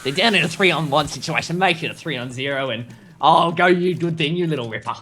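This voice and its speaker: A man's voice: a little fast, sharp tone, a little hiss or hum. A man putting on a jokey, exaggerated broad Australian accent while commentating an esports match. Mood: hammy. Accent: broad Australian, put on. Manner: hammy, raised pitch, stock slang. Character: jokey over-the-top Australian bloke caster.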